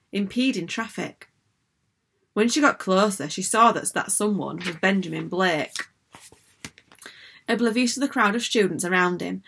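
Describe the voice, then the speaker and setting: A woman narrating a children's storybook in an even, measured reading. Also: medium pitch, creaky, husky. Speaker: audiobook narrator.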